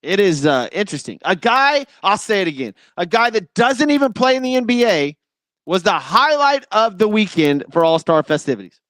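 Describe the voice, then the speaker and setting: A man's voice: sits high, very animated, normal speed, a bit bright, no echo, clean studio sound. A man hosting a sports talk show, giving a casual, opinionated monologue in a blunt and exasperated way.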